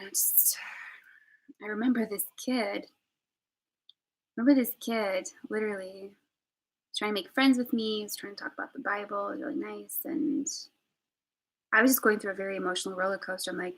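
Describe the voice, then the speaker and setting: A young woman telling a personal story on a live stream, candid and emotional, swinging between loud outbursts and hushed whispers. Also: medium pitch, steady tone, normal speed, rough recording. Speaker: vlogger.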